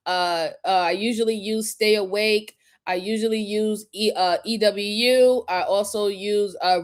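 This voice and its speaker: A woman hosting a casual livestream, greeting viewers one by one, repeating her thanks and laughing often. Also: medium pitch. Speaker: livestream host.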